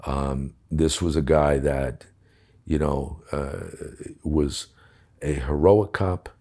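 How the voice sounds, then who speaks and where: This is a bass voice, steady and darkish, moving at a slow pace. The speaker, an American former police commissioner appearing as an interview guest, bluntly narrates a story and performs the dialogue with cursing.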